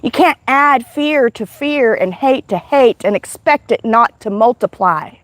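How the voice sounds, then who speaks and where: A woman quoting a calm, gentle Jesus. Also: on the high side, measured pace, dry recording. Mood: reassuring. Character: gentle calm male Jesus giving counsel.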